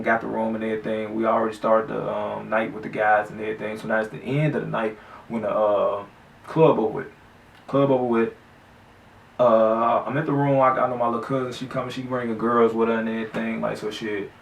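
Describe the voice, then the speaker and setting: Brief: man, gravelly vocal fry, loose profane street storytelling, echoey room, off-mic. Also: on the low side, flat delivery, a little fast, far from the mic, slight background noise. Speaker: vlogger telling his own story. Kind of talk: casual story time.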